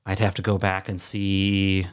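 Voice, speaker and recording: A man talking as a guest on a studio podcast, rambling and halting, with restarts and self-deprecating asides. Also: low voice, completely flat delivery, clear, resonant tone. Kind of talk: casual podcast chat.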